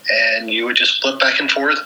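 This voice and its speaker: A man's voice: medium pitch, steady tone, normal speed, noisy background. A man in his forties, from the central United States, casually reminiscing in an easygoing way with frequent restarts. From US Central region. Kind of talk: casual nostalgic chat.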